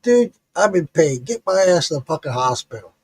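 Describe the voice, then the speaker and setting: A man's voice: a little high, normal speed, slightly rough, faint music behind. A middle-aged man streaming live, telling a story in a casual, profane way, laughing often. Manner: profane, laughing, animated retelling.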